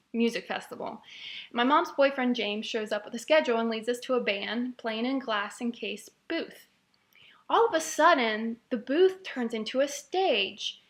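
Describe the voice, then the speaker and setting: A woman's voice: on the high side, a bit bright. A woman casually retelling a dream in a rambling, wry way, with fillers and restarts. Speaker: storyteller recounting a dream. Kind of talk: casual spoken storytelling.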